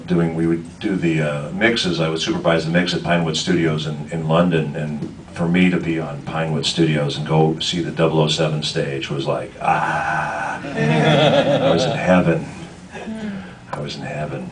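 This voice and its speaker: Low voiced guy telling fans a story, lots of uh and restarts, far from the mic, noisy room. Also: little pitch movement, fairly quick, few pauses. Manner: rambling, many fillers and restarts, laughing asides. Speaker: voice actor, convention panelist. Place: convention panel room. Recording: distant, noisy convention room.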